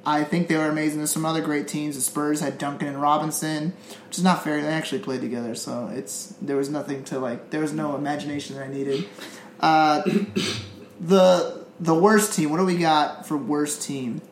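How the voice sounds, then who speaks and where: A podcast co-host in casual chat, rambling quickly and swearing often. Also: medium pitch, steady tone. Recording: echoey room, faint noise.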